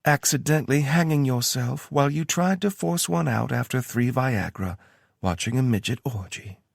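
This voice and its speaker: A man's voice: medium pitch, normal speed, vocal fry, breathy edge, dry recording, studio quality, voice pushed up. A man voicing a playful, teasing young woman with a Kentucky accent in an audiobook. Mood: mocking. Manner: teasing, mock-serious. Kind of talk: audiobook character voice.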